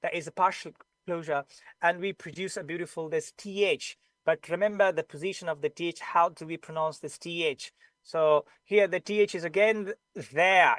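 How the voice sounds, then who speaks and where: High-voiced Pakistani English teacher. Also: male voice, moderate pace, a bit bright, no room sound. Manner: explains patiently, repeating the key sounds. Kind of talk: online class lesson.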